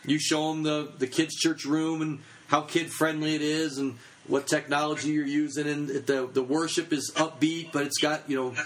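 A man's voice: a little high, level tone, normal speed, few pauses, a bit bright, a little hiss or hum, rough recording. A man in his thirties giving a casual teaching talk on children's ministry, chatty and full of fillers.

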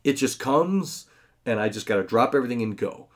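A man's voice: medium pitch, expressive, fairly quick. A man in his thirties hosting a podcast, talking in a casual, rambling way with many fillers. He sounds chatty, enthusiastic and self-deprecating. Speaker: podcast host.

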